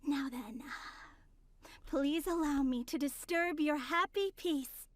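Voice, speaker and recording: A woman's voice: sits high, slow pace, dry recording. A woman voicing a composed, polite young woman of mystery in a dubbed video game.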